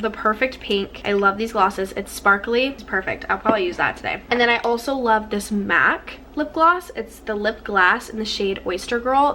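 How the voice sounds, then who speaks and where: A woman's voice: medium pitch, a bit bright, a little hiss or hum. A woman beauty vlogger talking through a makeup tutorial in a bubbly, gushing, casual way, full of little fillers.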